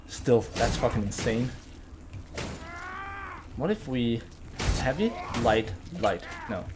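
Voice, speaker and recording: A man giving casual gameplay commentary as a channel host, thinking aloud, getting excited and swearing now and then. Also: medium pitch, slow pace, pauses often, noisy background.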